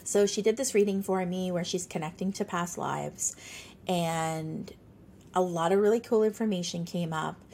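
A woman's voice: lowish voice, moderate pace, creaky, darkish tone, slight background noise. A woman in her thirties hosting a podcast, telling a personal story in a chatty, earnest way with many casual fillers. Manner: chatty, earnest, sprinkles talk with "like". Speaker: podcast host.

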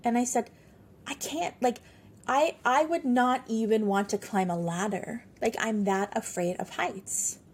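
A woman in her thirties hosts a podcast, her voice on the high side, husky, and a little slow. She shares a personal story in a chatty, earnest way, sprinkling in casual fillers like "like."

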